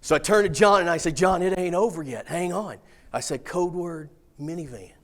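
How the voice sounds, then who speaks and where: A man's voice: a little high, normal speed. Folksy man telling stories. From Missouri. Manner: folksy, animated, casual swearing. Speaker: speaker. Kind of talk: storytelling keynote talk.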